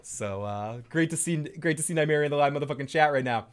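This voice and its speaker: A man's voice: on the high side, fast. A young man hosting a live stream, chatting loosely and profanely, reading viewer questions and scatting drum sounds. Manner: loose, rambling and profane, with scat drum noises. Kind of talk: casual live-stream chat.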